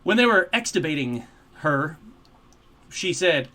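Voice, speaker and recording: Lively, bright-voiced male call-in host. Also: a little high, normal speed. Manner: animated, self-mocking, easily excited. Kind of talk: casual live call-in show.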